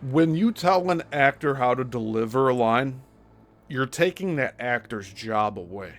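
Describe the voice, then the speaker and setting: A man's voice: medium pitch, lively intonation, a little slow, faint music behind. A male host giving critical commentary on a played clip, explaining his points step by step.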